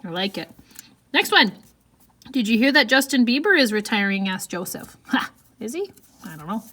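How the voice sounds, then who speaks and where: A woman's voice: on the high side, expressive, normal speed, sharp tone. A woman teacher giving a writing lesson, reading example sentences aloud and talking through her writing step by step. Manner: reads quoted lines in a lifted voice.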